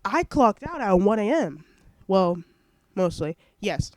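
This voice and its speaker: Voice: mid-range voice, big pitch swings, slow, no echo. A young adult college student vlogging from home on a headset mic, rambling casually with lots of fillers and a stuffy, sniffly nose. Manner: rambling, heavy on fillers, self-interrupting. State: congested and sniffling. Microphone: headset microphone.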